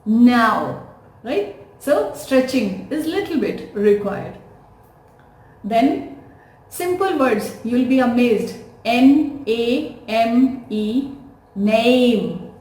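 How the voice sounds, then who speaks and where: In an echoey room, a woman with an Indian English accent teaches English pronunciation to camera, spelling words letter by letter and repeating them in slow, deliberate instruction. Her fairly high, slightly mellow voice is very animated, with drawn-out words and frequent pauses.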